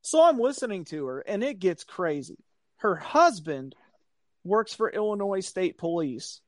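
A man, casually telling a long story on a podcast, animated and profane, acting out the people he quotes. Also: high voice, a little slow, dry recording, studio quality.

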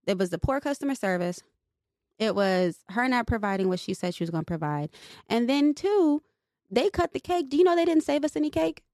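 A woman's voice: sits high, a little mellow, dry recording, clean studio sound. A young woman co-hosting a podcast, venting in casual chat and swearing freely. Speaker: podcast co-host.

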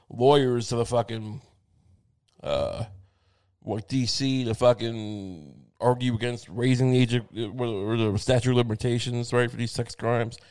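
Male host, irreverent rambling monologue, profane, stumbling restarts, mid-pitched voice, quick jokey asides. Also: a little mellow. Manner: acts out quoted voices in bits. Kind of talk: crude comedic monologue.

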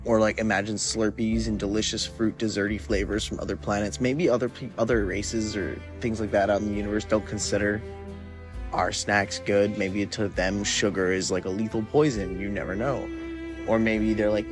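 A young man with a low voice hosts his own podcast, rambling loosely from one thought to the next while stoned. His talk is casual and full of filler words. Faint music plays underneath. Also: steady tone, normal speed. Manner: rambling and laid-back, heavy on filler words. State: high from smoking weed. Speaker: podcast host. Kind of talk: casual solo podcast monologue.

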